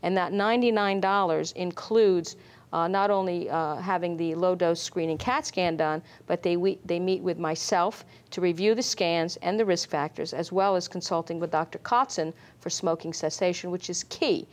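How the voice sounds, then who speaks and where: A middle-aged woman, a lung doctor, explaining screening in an interview, measured and full of fillers. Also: lowish voice, steady tone. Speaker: pulmonologist guest. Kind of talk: medical interview.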